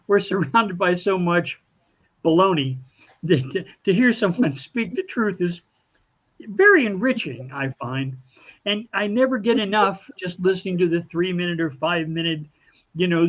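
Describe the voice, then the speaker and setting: A man, a poet, giving a thoughtful spoken tribute over a video call, halting and repeating words. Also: high-pitched, dull audio. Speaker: poet and show producer.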